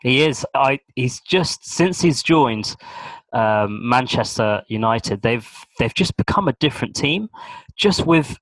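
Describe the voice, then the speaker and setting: A man's voice: medium pitch, lively intonation, fairly bright tone, no echo, poor audio. Chatty man, dry close sound. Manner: chatty, agreeable, quick to laugh. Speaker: podcast co-host. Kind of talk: casual football chat.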